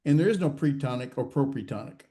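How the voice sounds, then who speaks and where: A man teaching a grammar class, quizzing students and talking haltingly with many fillers and restarts. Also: mid-range voice, expressive, warm tone. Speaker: Hebrew grammar instructor. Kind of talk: classroom lecture with student questions. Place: classroom or online class session.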